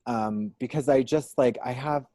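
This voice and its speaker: A man's voice: mid-range voice, moderate pace, dark tone, dry recording. A man in a casual interview, rambling with lots of fillers and restarts and making dry jokes. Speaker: drag performer and musician, guest.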